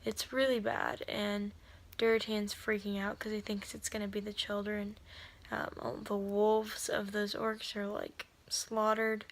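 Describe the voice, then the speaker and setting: A woman's voice: mid-range voice, flat delivery, a little slow. Chatty woman rambling through a recap. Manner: rambling, full of fillers and self-corrections; drops to a whisper for asides. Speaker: video creator summarizing a novel. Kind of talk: casual spoken book recap.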